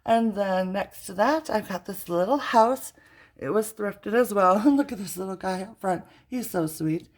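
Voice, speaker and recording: A woman's voice: mid-range voice, unhurried. A middle-aged woman giving a chatty, gushing tour of her home decor. She uses fillers and stops to search for words. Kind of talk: casual home tour chat.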